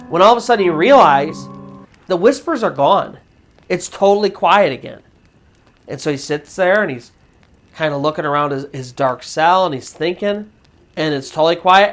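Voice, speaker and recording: A woman host recounts a ghost story in relaxed, chatty narration. She slows and drops her voice at the tense moments. Faint music plays under her speech. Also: low-pitched. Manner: conversational, with fillers and restarts, dramatic pauses. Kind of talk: casual spoken horror story narration.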